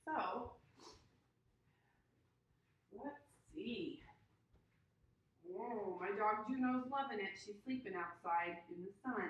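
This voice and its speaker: A woman's voice: mid-range voice, slow pace, long pauses, lo-fi sound. A woman teaching young children in an online class from home, sing-song and coaxing, a little sniffly from allergies. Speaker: preschool teacher. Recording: roomy echo.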